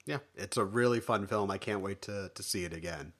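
A man's voice: fairly low pitch, a little fast, fairly bright tone. A man co-hosting a film podcast, chatting casually and playfully, rambling a little. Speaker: podcast co-host. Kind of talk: casual chat.

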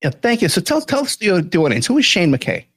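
A man's voice: high-pitched, wildly swooping pitch, brisk, fairly bright tone, husky, no room sound. A man hosting a podcast, plugging the show and chatting with guests in a folksy, easygoing way full of fillers. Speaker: podcast host. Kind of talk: casual interview chat.

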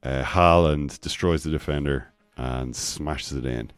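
A very low-pitched Irish man talks football in a loose, rambling way, full of restarts and playful quoting. The sound is dry and close to the mic. He leans into stories and drops into mock voices for the players he quotes. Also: a little slow, smooth, no echo, faint music behind. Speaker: podcast host. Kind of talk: casual football chat.

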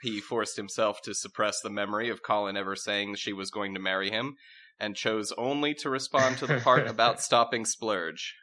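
A man narrating a comedic fantasy story in a wry, deadpan way for a podcast. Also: fairly low pitch, moderate pace. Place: podcast recording with friends.

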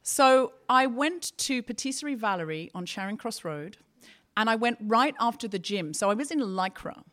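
Bright-voiced woman telling a wry anecdote. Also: fairly high pitch, moderate pace. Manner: wry, deadpan storytelling. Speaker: co-host and comedian. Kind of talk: comic anecdote on stage. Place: live comedy venue with audience.

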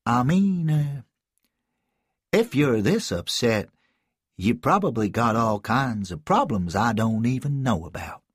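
Guy putting on a hesitant gentle middle-aged man, bit higher than his normal voice, husky. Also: animated, slow, no room sound, studio quality. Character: middle-aged man, awkward but kind stranger.

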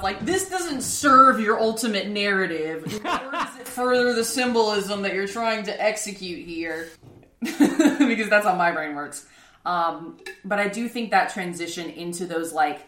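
A woman's voice: mid-range voice, a little slow, fairly bright tone. A woman co-hosting a podcast, chatting casually about an anime, rambling with many restarts and laughs. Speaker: podcast co-host. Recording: roomy echo.

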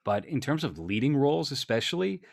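A man's voice: medium pitch, sing-song, a little fast, vocal fry, no echo, clean studio sound. A man co-hosting a casual film discussion, speaking bluntly and with profanity. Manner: blunt, profane, acts out characters in quotes. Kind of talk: casual movie review chat.

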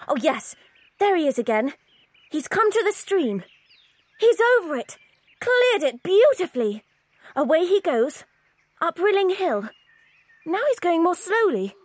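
Lady doing an excited girl, super high voice, bouncy. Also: a little slow, long pauses, dry recording, heavily acted. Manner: breathless excited commentary.

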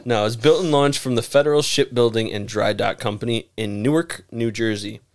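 A man's voice: mid-range voice, fairly even intonation, fairly quick. A man co-hosting a podcast, reading out facts from his notes and laughing often. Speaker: podcast co-host. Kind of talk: casual podcast chat.

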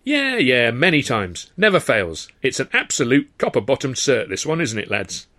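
A man's voice: mid-range voice, sing-song, normal speed, sharp tone. A man voicing a brash, scheming music-hall lead comic with a boisterous, wheedling showman's manner. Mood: scheming, jovial.

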